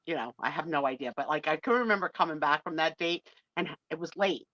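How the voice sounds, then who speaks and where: A woman's voice: low voice, fast talker, no echo. A middle-aged woman co-hosting a live stream, telling a dating story in casual chat and acting out the voices of people in it. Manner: animated, acts out voices in her stories. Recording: dull lo-fi stream audio.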